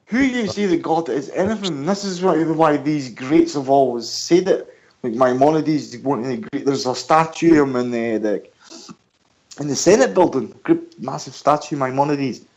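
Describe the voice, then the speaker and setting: Rambling, animated British-born man. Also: on the high side, moderate pace, poor audio. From United Kingdom. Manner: animated, rambling, explains with questions. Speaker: guest. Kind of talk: casual radio interview. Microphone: headphones and mic at home.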